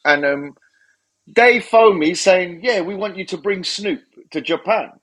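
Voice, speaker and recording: A man's voice: high-pitched, measured pace, a bit bright. A middle-aged man, telling sarcastic, jokey anecdotes in a casual interview. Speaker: guest DJ.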